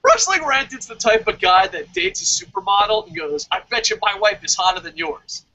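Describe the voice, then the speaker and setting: A man hosting a casual wrestling review podcast, excitable and slightly tipsy, often acting out quoted voices. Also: high voice, brisk. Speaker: podcast host. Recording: dull lo-fi sound.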